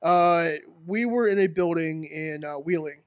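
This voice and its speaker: High-voiced laughing man, dry sound. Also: unhurried, no echo. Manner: laughing, rambling storyteller. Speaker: wrestling guest. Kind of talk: casual podcast chat.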